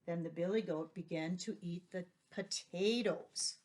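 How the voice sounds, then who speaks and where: A woman's voice: fairly low pitch, a little slow, a little mellow. A woman teacher reading a children's story aloud and patiently explaining vocabulary and asking questions. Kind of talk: read-aloud vocabulary lesson.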